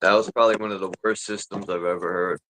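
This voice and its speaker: A man's voice: sits low, fairly even intonation, fast, bright, forceful tone. A man hosting a loose, rambling voice chat with friends. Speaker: host. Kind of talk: casual voice chat.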